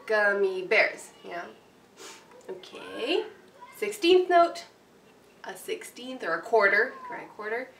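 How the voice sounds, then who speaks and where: A woman's voice: mid-range voice, very animated, takes it slowly, vocal fry, pauses often, slight background noise. Chatty woman teacher in a roomy room. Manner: chatty, rambling, with fillers and checks like "right?". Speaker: piano teacher. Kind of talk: casual instructional walkthrough. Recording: roomy, distant mic with faint ambience.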